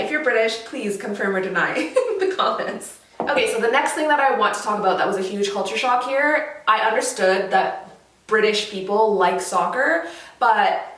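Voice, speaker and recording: Woman vlogger from Canada, casual and animated, higher pitch; recorded with a roomy echo. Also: recorded from a distance. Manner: chatty, laughs often, animated. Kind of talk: casual chat to camera. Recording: roomy echo, slightly off mic.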